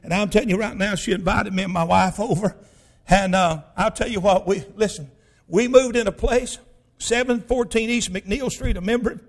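High-voiced preacher telling stories. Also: male voice, normal speed. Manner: folksy, emphatic, bursts into shouting. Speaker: pastor. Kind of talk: storytelling sermon.

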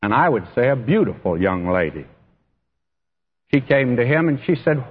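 A man's voice: medium pitch, sing-song, normal speed, long pauses, husky. Earnest male preacher in an echoing hall. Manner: earnest, addresses listeners directly as friend and beloved. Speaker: pastor. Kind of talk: sermon. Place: church. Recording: dull, echoey church hall recording.

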